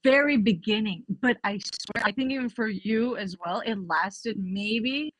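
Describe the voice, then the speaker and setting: A woman's voice: on the high side, a little slow, a bit bright. A woman guest on a podcast, chatting casually and acting out quoted exchanges as she tells her story.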